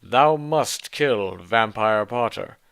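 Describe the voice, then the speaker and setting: A man voicing a cruel male dark lord who shouts stilted, mock-old-fashioned threats in a storybook reading. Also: on the low side, expressive, takes it slowly, gravelly, clear, resonant tone, exaggerated voice. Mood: menacing.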